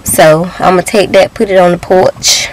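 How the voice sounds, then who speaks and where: A woman's voice: on the low side, steady tone, normal speed, slight background noise, low-quality recording. Tearful young woman vlogging from her car. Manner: emotional, near tears, addresses viewers as y'all. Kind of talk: casual personal vlog.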